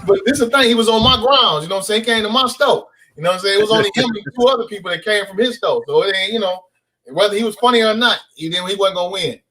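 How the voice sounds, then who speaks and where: Guest comedian, man, high voice, slangy animated storyteller. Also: racing. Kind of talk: casual podcast storytelling.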